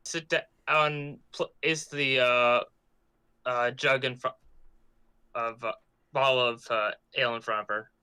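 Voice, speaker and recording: A man's voice: mid-range voice, steady tone, slow, bright, forceful tone, smooth, no echo. A man taking part as a player in a tabletop game, speaking in a tentative, questioning way.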